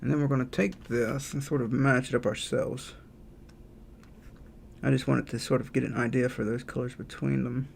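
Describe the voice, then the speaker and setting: A game developer with a creaky, medium-pitched voice streams live while drawing, and slight background noise can be heard. He chats casually, thinks aloud, and reads out messages from chat as he answers.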